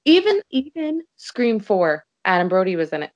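A woman's voice: mid-range voice, sing-song, moderate pace. A woman guest on a podcast, trading blunt, dry comebacks in casual chat. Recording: dull lo-fi sound.

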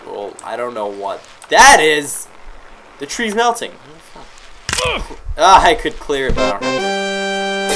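A man giving excitable, joking gameplay commentary, swearing and yelling at the game. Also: medium pitch, slow pace, long pauses, music in the background, poor audio. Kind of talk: let's play commentary.

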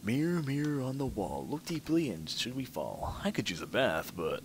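A man's voice: medium pitch, sing-song, normal speed, slight background noise. A man giving commentary while playing a horror game, reading the on-screen text aloud and musing to himself. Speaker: let's play commentator. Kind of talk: gameplay commentary. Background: game music.

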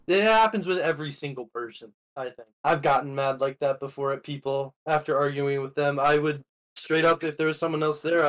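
A man's voice: a little high, fairly bright tone. A man on a casual call, laid-back and shrugging, filling his speech with "I mean" and "you know.". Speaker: guest.

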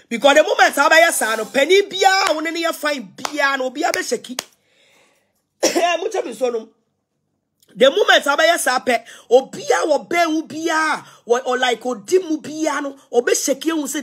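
High-voiced Ghanaian woman, scolding. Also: lively intonation, unhurried, pauses often, a bit bright. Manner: defiant, scolding, repetitive. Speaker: social media personality. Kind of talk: ranting live video.

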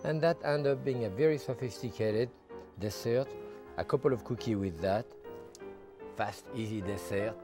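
A man working as a TV chef, walking through a cooking demonstration step by step and adding relaxed asides as he goes. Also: medium pitch, normal speed. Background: background music.

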